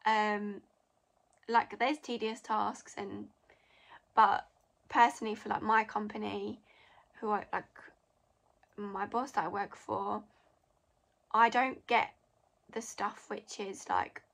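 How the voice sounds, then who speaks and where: A young woman, a degree apprentice, chats her way through a casual Q&A vlog, packing her speech with "like" and "literally" and mentioning she's losing her voice. Her voice is medium-pitched, gravelly, and a bit bright.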